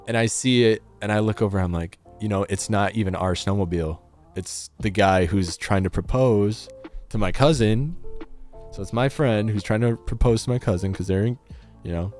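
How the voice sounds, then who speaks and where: A man's voice: lowish voice, darkish tone. A young man with a Midwestern American accent casually retelling a story as a vlogger, rambling with many restarts and "like"s. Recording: faint music underneath.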